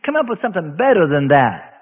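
A man's voice: fairly high pitch, sing-song, fast, husky. A man preaching a sermon as a pastor, emphatic and folksy, arguing his point with his listeners. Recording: tinny radio broadcast with long hall reverb.

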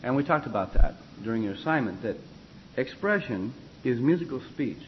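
In a classroom lecture on singing, a male choir teacher discusses vocal expression in a loose, rambling way, full of fillers and restarts, and spells out musical terms. His mid-range voice is animated at a moderate pace. The sound is lo-fi with slight background noise.

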